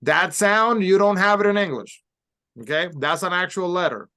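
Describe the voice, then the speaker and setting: A man teaching a Spanish class, slowly sounding out letters and words for his students to repeat. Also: high voice, lively intonation, pushed and bright, smooth. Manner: slow, carefully sounds out letters and words for repetition. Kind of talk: classroom language lesson.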